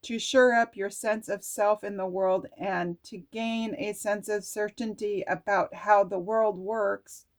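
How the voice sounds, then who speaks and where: A woman reading oracle cards aloud in a video, gushing and exclaiming, often laughing or close to tears as she reacts to the words. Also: mid-range voice. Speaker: oracle card reader.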